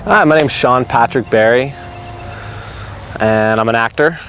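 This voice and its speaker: A man from California, an actor, introducing himself in a relaxed, plain way. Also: medium pitch, a little slow, soft background music. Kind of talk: self-introduction to camera.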